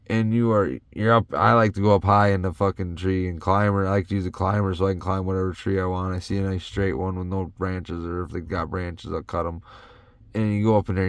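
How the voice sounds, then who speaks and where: A man's voice: sits low, smooth, no echo. A young man from Wisconsin rambling casually and profanely about his life while sitting in his parked truck, laughing between thoughts. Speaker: podcast host. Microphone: phone or camera in the truck.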